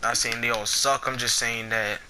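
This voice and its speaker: A young man giving casual gameplay commentary, excitable and foul-mouthed, trash-talking the players he fights. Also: mid-range voice, moderate pace, a little hiss or hum. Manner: excitable, swears a lot, trash-talks opponents.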